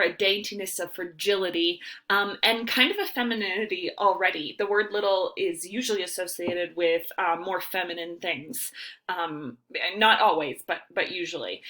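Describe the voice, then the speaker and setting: A woman's voice: medium pitch, bright, forceful tone. A young woman teacher giving a casual recorded lecture from home, talking informally with many ums and rights.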